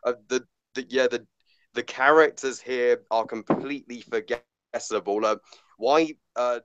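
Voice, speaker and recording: A man reviewing a movie in casual chat, halting with many fillers and restarts, blunt and swearing. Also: medium pitch, fairly bright tone, clean tone, no echo, highs cut off.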